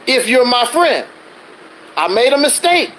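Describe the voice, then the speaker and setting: A man's voice: extremely high pitch, very animated, measured pace, a bit bright, a little hiss or hum, poor audio. A man hosting a livestream, ranting defensively in a casual monologue full of rhetorical questions. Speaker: livestreaming channel host.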